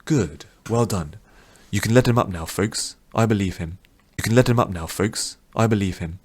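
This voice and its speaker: A man voicing a calm, patient old man who reasons gently with a troubled younger man. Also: lowish voice, moderate pace, lightly acted.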